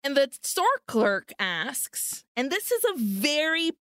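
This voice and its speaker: A woman's voice: sits high, big pitch swings, slow pace, a bit bright, dry recording, clean studio sound. A woman co-hosting a podcast, animatedly retelling a film's plot and acting out the characters' lines. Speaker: podcast co-host. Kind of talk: casual film recap chat.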